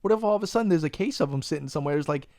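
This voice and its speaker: A young man hosting a podcast, animated and profane, ranting in casual chat. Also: on the high side, rapid-fire, no room sound, studio quality. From Long Island, New York. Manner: profane, animated ranting, says "bro" a lot. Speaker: podcast host.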